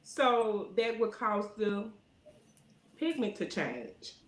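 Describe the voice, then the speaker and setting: A middle-aged woman, talking in a casual interview and filling her speech with "you know", getting lively when she tells stories. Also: medium pitch, slow, reverberant. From Alabama. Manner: rambling, frequent "you know" fillers; animated when telling stories. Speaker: guest.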